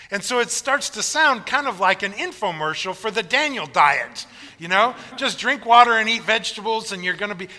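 A man's voice: high voice, bright, forceful tone, long reverb tail. A man pastor preaching a sermon in a church, conversational with wry humor.

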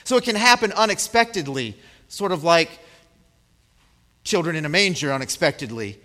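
A man's voice: on the high side, lively intonation, moderate pace, long reverb tail. A man preaching a sermon, chatting with the congregation and acting out scenes as he talks. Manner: conversational, checks in with the congregation; acts out scenes with big swings in loudness. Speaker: pastor.

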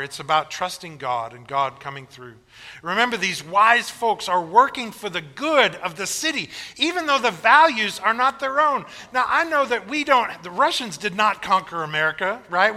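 A man delivers a sermon from the pulpit in a conversational, wry manner. His voice sits high and rings very bright. The church sanctuary adds a long, trailing reverb. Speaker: pastor.

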